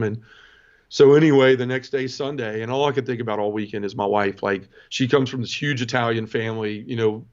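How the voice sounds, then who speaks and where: Middle-aged Southern man, guest testimony, earnest and emotional, mid-pitched, slightly dull sound. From Southern United States. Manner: earnest, emotional storytelling with many restarts. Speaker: interview guest. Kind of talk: personal testimony storytelling.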